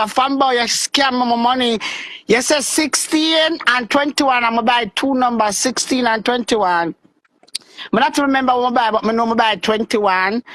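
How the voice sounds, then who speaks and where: Jamaican woman, high bright voice, dry sound, nervous repetitive caller. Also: dry recording. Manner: anxious, repetitive, insistent. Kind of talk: agitated live-stream call.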